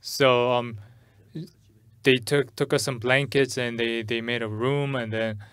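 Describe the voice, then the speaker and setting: Preaching in English at a church service, a middle-aged pastor stumbles through a personal story, repeating and restarting words often. His mid-range voice is level, a bit bright, clear and resonant, with no room sound.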